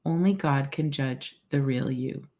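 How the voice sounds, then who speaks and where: Woman, very low voice, gravelly fry, calm measured meditation reading. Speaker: podcast co-host reading meditation.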